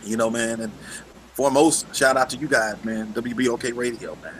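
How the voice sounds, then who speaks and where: A man's voice: mid-range voice, moderate pace, a bit bright, slight background noise, rough recording. A man guesting on a live radio interview, earnest and grateful, dropping "man" at the end of his lines. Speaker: musician guest.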